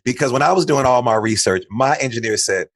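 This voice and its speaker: A man's voice: medium pitch, brisk, no echo, clean studio sound. Playful Chicago man hosting a podcast. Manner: animated, playful, talks up his guest. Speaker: podcast host. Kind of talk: casual interview chat. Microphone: studio mic.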